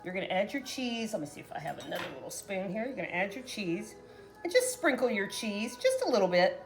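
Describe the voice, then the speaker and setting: A woman's voice: medium pitch, big pitch swings, fairly quick, creaky. A woman hosting a casual home cooking video, chatty and folksy, talking straight to her viewers.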